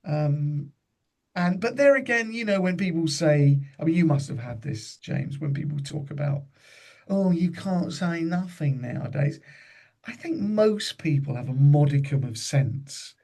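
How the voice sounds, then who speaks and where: A man spins loose, chatty stories as a podcast guest. His voice sits a little high, with a gravelly fry and a husky edge. He keeps mimicking the people he talks about. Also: lively intonation, moderate pace, a little mellow. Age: 50s. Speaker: comedian guest. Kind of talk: casual podcast anecdote.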